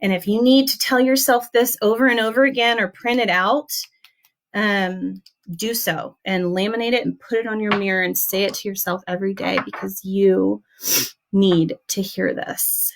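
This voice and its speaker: A young woman speaks earnestly as she leads a small class. Her pitch sits in an ordinary middle range, and her delivery is gentle and heartfelt. She often pauses with soft "um"s. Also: steady tone, vocal fry. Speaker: essential oils class leader. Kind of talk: heartfelt motivational class talk.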